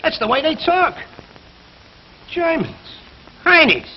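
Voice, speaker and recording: A sneering bigoted worker. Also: male voice, high-pitched, big pitch swings, moderate pace. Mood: resentful. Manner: coarse, sneering slang. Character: grumbling bigoted construction worker Joe. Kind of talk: 1940s radio acting. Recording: dull old radio recording, faint noise.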